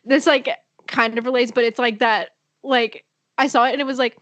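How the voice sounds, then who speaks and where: A woman's voice: a little high, steady tone, normal speed, a bit bright, dry recording, muffled recording. A young woman co-hosting a podcast, chatting in a bubbly way and laughing often. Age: young adult. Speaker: podcast co-host. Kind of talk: casual chat.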